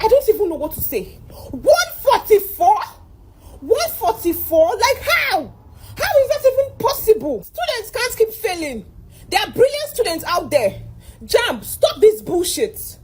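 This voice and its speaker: Shrill, distraught young Nigerian woman. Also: slight background noise. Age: young adult. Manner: distraught, exclaiming, repeating herself. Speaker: exam candidate. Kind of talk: complaint video.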